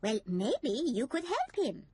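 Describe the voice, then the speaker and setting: A woman voicing a kind, gentle cartoon gazelle who teaches at a playgroup and speaks in a warm, encouraging way. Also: sits high, huge pitch swings, takes it slowly, slightly rough, dry recording, full character voice. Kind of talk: cartoon voice acting.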